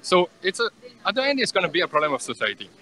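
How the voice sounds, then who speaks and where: A man with a French accent and a bright, crisp tone answers questions outdoors on a campus plaza. He speaks haltingly, pausing with fillers as he searches for English words. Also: sits high, very animated, low-quality recording. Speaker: passerby being interviewed. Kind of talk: street debate interview.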